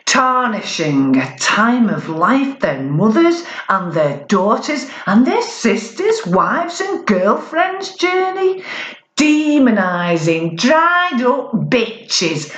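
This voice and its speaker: A woman performing spoken-word poetry in a slow, deliberate, expressive way at a live gig. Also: on the high side, echoey room, poor audio. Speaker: performance poet.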